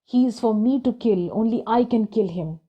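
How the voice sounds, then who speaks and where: A woman's voice: a little high, normal speed, breathy edge, muffled recording. A woman voicing a proud, furious middle-aged warrior emperor who growls his threats in a storybook retelling. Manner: angry, growling.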